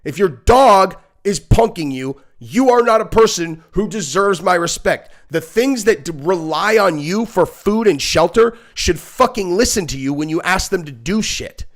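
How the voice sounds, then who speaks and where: A podcast host with a fairly high voice runs a casual live reaction stream, rambling bluntly, swearing freely and leaning on fillers at a moderate, animated pace with hardly any pauses. When he imitates kids or dogs, he breaks into high, shrieking squeals.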